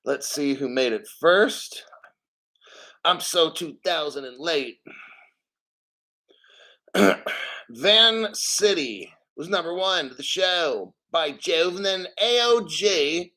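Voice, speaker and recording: A man's voice: on the high side, animated, slow, long pauses, pushed and bright. Slightly winded man hosting a crypto livestream. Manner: loose, rambling, jokey. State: a little out of breath. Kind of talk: casual livestream chat reading donations.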